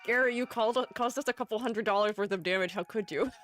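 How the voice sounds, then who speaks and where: A woman's voice: a little high, quick pace, fairly bright tone, soft background music. A young woman chatting casually on her live stream, rambling and playful, often breaking into giggles. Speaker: streamer and art educator.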